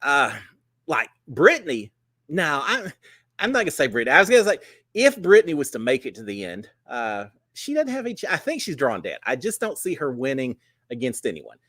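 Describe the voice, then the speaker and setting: A man's voice: medium pitch, huge pitch swings, a little fast, bright, forceful tone, dry recording, studio quality. A middle-aged man hosting a casual livestream chat, folksy and upbeat, with plenty of "uh" fillers. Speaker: host.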